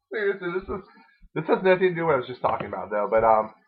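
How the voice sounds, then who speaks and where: A man's voice: on the high side, big pitch swings, fast, breathy edge. A young man hosting a casual podcast, rambling and giggling as he talks crudely. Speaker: podcast host. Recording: lo-fi dull recording.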